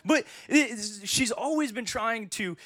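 A man in his thirties preaching a sermon as pastor, telling humorous stories in an animated way. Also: extremely high pitch, unhurried, no room sound, clean studio sound.

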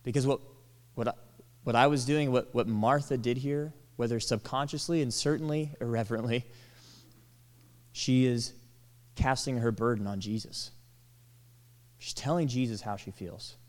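A man preaching a sermon, animated, acting out quoted lines and dropping to soft, tender tones. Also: medium pitch, normal speed, long pauses. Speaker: pastor. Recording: long hall reverb.

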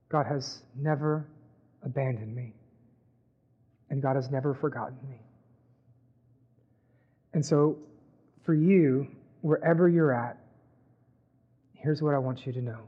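A man's voice: mid-range voice, a little slow, pauses often, breathy edge. A man preaching a sermon in a conversational way, often checking in with the audience. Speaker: pastor. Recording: dull, muffled sound.

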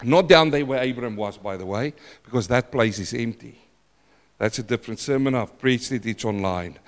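A man's voice: mid-range voice, expressive, moderate pace. Dramatic preacher man in reverberant church. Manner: dramatic, repetitive, swings between loud and hushed. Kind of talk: sermon.

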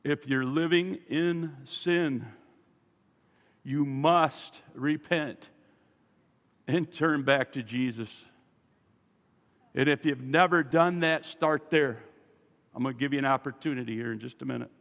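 A man preaching a sermon as pastor, moving from quiet asides to loud, emphatic calls to his congregation. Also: medium pitch, slow, pauses often, long reverb tail. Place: church sanctuary.

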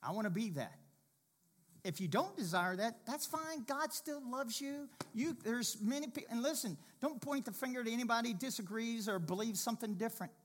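A man preaching a sermon as pastor, swinging from impassioned loud passages to hushed, quiet ones. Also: very high-pitched, animated, fairly quick.

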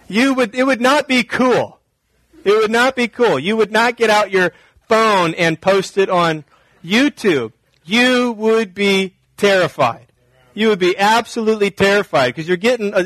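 A male pastor delivering a sermon in an animated way, rising loud for emphasis and dropping quiet for asides. His voice sits fairly high, and the sound is dry and close. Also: dry recording.

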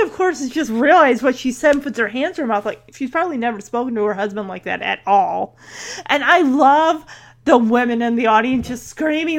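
A woman casually recapping a TV episode, chatty and enthusiastic, often saying "like" and briefly acting out the characters' lines. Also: fairly high pitch. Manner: chatty, enthusiastic, heavy use of "like"; acts out characters' lines in quick asides.

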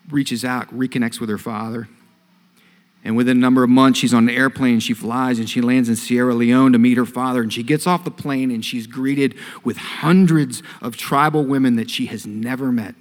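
A male pastor preaches in earnest at a middle pitch, telling a story and rising in force on the phrases he stresses. His voice rings with the long reverb of a large hall. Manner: earnest storytelling, swells louder on key phrases. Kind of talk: sermon.

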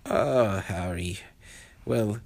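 A grand old leader speaks in slow, stretched-out phrases, pitched well above a plain telling, as a man puts him on in a bedtime story. There is still a gravelly grain under the voice. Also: a little mellow, full character voice.

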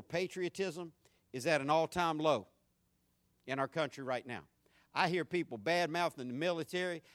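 Fiery Southern pastor, slightly high voice. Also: male voice, fairly bright tone, dry recording, clean studio sound. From North Florida, US. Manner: earnest, swelling to fiery emphasis. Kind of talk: sermon.

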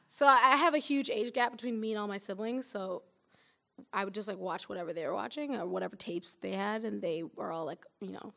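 A woman's voice: medium pitch, vocal fry, sharp tone. Casual, profane woman poet chatting. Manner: casual, profane, laughing asides. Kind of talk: casual talk between poems at a reading.

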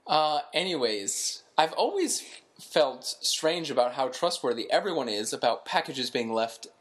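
Female podcast co-host, deep voice, lively intonation, relaxed and wry. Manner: dry, laid-back, quick agreeing interjections. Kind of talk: casual chat.

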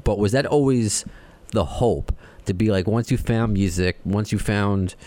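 A man's voice: on the low side, unhurried, mellow, dry recording. A man hosting a podcast interview, asking long, winding questions with frequent restarts. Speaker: podcast host. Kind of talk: casual interview.

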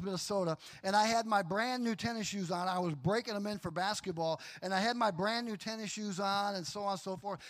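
A middle-aged man preaching a sermon, telling a personal story in a lively, animated way and acting out voices. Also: high-pitched. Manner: animated storyteller, acts out voices, laughs often. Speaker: pastor.

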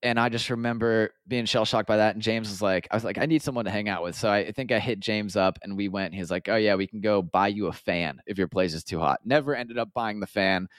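Young american guy, low smooth voice, dry close sound, chatty and upbeat. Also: brisk, few pauses, dry recording. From United States. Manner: upbeat, storytelling, drops quoted asides. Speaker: podcast guest. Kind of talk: casual chat.

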